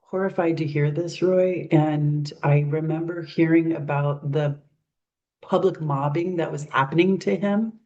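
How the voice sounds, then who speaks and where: Low mellow-voiced woman running a group call, calm and measured. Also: highs cut off. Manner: measured and thoughtful. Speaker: group facilitator. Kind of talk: reflective group discussion.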